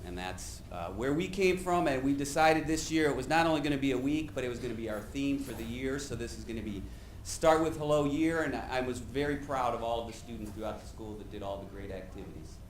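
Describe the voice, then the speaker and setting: Male school counselor at a board meeting; earnest and lightly joking, a lot of "uh"; echoing room with a soft hum behind. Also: medium pitch, fast. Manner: light-humored, earnest, frequent "uh" fillers. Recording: roomy meeting hall, faint background hum.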